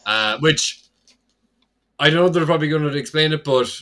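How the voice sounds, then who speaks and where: A man's voice: a little high, normal speed, bright, forceful tone. A young man co-hosting a podcast, slightly tipsy, rambling through a casual recap with lots of "like" and some swearing. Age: young adult. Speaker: podcast co-host. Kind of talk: casual chat.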